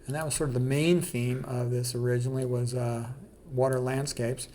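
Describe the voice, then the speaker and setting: A man's voice: mid-range voice, flat delivery, moderate pace, dark tone, a little hiss or hum. Blunt man talking through a slideshow. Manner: blunt and emphatic, with frequent "okay" and "you know". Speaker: presenter of an art slideshow. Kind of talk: casual commentary on a slideshow.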